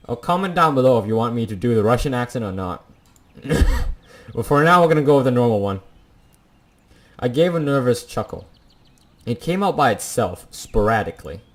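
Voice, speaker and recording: A young man playing a visual novel, reading its text aloud and cracking jokes in between. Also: medium pitch. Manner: jokey asides between dramatic read lines. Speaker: let's play gamer.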